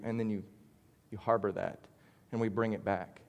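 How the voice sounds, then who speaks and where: A man's voice: mid-range voice, very animated, moderate pace, darkish tone, long reverb tail. A man teaching an adult Bible study in a conversational, earnest way, often checking in with "right?". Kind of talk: church Bible study lesson.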